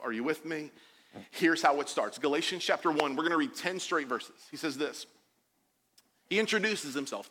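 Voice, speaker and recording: A man in his forties preaching a sermon, animated and jokey, acting out the quotes he tells. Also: fairly high pitch, normal speed, husky, big-room sound. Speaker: pastor.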